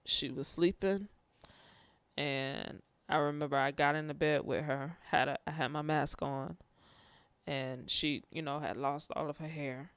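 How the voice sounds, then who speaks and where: A man speaking haltingly, fighting back tears as he talks about his grief. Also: a little high, steady tone, a bit bright, smooth, no room sound. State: tearful. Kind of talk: personal testimony on grief.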